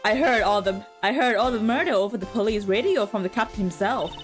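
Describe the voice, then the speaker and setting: A woman's voice: medium pitch, a little fast, faint music behind, lightly acted. A woman voicing a proud, harsh young female prosecutor in a game, reading her lines in a haughty, scolding way with a German accent attempt. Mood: scornful. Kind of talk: reading game dialogue aloud.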